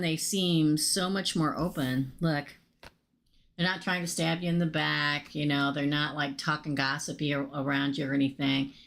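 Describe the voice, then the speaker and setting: Creaky-voiced woman losing her voice. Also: deep voice. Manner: chatty, excitable, addresses viewers by name. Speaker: tarot reader hosting a live stream. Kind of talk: casual live tarot reading.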